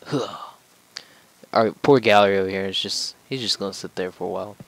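A man's voice: low voice, steady tone, quick pace, creaky, no echo, low-quality recording. A man giving casual gameplay commentary as a let's play gamer, joking, rambling and talking to the game as he plays.

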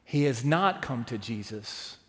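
Preacher in an echoing sanctuary. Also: male voice, medium pitch, lively intonation, a little slow. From Texas. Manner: earnest, swings from loud emphatic peaks to hushed asides; asks the congregation rhetorical questions. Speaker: pastor. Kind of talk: sermon. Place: large church sanctuary. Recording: long reverb of a big sanctuary.

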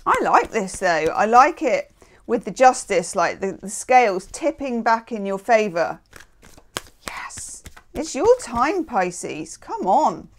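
A woman's voice: a little high, sing-song, unhurried, a little hiss or hum. A woman giving a casual, chatty tarot reading. She is encouraging and often checks in with "okay?". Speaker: tarot reader.

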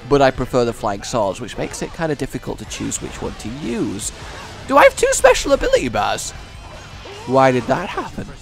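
A young man commenting on his own gameplay in a playful way, mocking and taunting the characters on screen with grand heroic lines. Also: mid-range voice. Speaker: gaming YouTuber.

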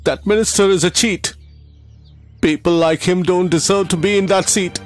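A man voicing a devoted teacher, high voice. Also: fairly even intonation, moderate pace, soft background music, lightly acted. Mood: bitter. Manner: emotional, pleading, apologetic. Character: devoted male teacher, gentle, caring. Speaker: teacher running a school for poor children. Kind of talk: dubbed film acting.

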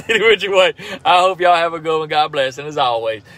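A man's voice: a little high, animated, normal speed, a bit bright. Laid-back Southern man on a lunch break. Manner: laid-back drawl with frequent laughs and fillers. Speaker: turkey hunter and call maker, social media host. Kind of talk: casual live-stream chat.

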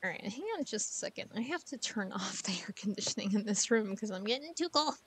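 A woman's voice: mid-range voice, lively intonation, quick pace, fairly bright tone, slight background noise. A woman streamer chatting casually over gameplay, giggling and talking to the game's characters from a room at home.

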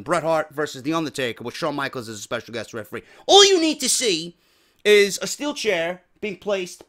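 A man's voice: on the high side, a bit bright. A man with a New York accent hosting a wrestling podcast, ranting profanely and firing off rhetorical questions. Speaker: podcast host.

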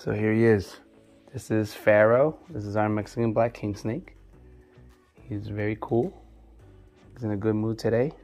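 A man casually chatting on a vlog as he shows his snakes, talking softly and coaxing them. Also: on the low side, fairly even intonation, normal speed, long pauses, soft background music. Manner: laid-back, talks softly to his snakes. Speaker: snake keeper showing his collection. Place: indoor snake room.

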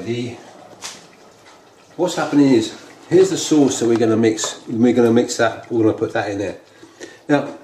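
A British man hosting a casual home cooking demonstration, rambling and repeating himself as he explains a recipe. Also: mid-range voice. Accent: British English. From United Kingdom. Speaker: home cook host. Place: home kitchen. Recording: echoey kitchen with faint noise.

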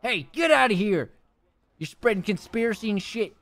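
A man streaming a game role-play as a store manager, loud and excitable, swearing often, his voice getting worn. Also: sits high, normal speed, no echo. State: losing his voice.

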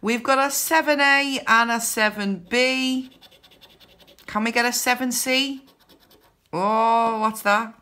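A woman hosting a scratchcard video, counting numbers aloud in casual narration with bursts of excited whoops. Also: on the high side. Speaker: scratchcard channel host.

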